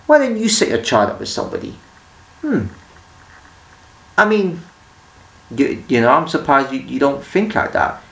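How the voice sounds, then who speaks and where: A man's voice: a little high, gravelly. A man rants to camera as a vlogger, rambling with rhetorical questions and many restarts. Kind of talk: ranting monologue. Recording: echoey room, distant mic.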